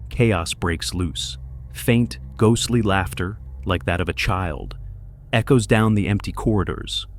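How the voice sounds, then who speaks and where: A man giving slow, dramatic scripted narration for a suspense story. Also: deep voice, a little hiss or hum.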